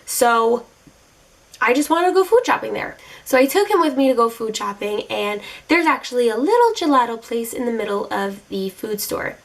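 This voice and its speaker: A young woman vlogs from home in a voice a touch higher than most, slightly gravelly, at a moderate pace. Talking straight to camera, she recounts her dating stories casually, animated, sassy, and openly exasperated.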